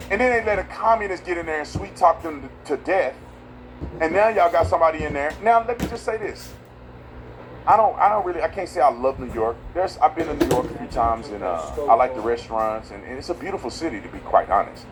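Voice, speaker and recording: A man hosting a casual political commentary video, talking in an emphatic, slangy way and swinging from loud outbursts to low asides. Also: lively intonation, fairly quick, a little hiss or hum, rough recording.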